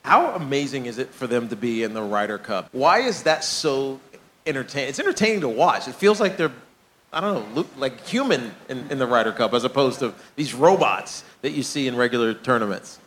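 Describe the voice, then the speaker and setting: A man hosting a casual interview, asking relaxed questions and giving brief affirmations. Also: medium pitch, brisk, a little hiss or hum.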